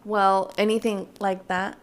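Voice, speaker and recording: A young adult woman co-hosting a podcast in casual chat, telling lively stories, acting out the quotes and swearing freely. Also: mid-range voice, unhurried. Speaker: podcast co-host.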